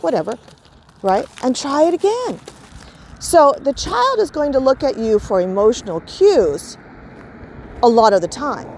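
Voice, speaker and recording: A woman's voice: mid-range voice, darkish tone, slight background noise. A woman giving an informal spoken lesson on parenting, explaining with examples and filling her talk with "you know" and "right". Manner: explains with examples, acts out soothing talk to a child. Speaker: parenting and emotions teacher.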